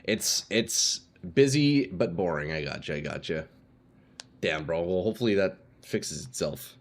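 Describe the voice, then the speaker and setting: A man's voice: sits low, expressive, measured pace. A man streaming casually, chatting to his viewers in a laid-back, slangy way and calling them dude and boys. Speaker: game streamer. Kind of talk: casual livestream chat.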